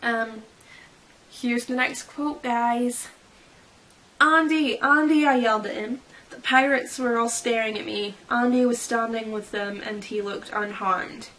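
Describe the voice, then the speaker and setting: Reading fan fiction quotes and giggling about people's reactions, this woman vlogs casually in a playful mood. Her high, fairly bright voice is delivered flatly at a measured pace, and there is slight background noise.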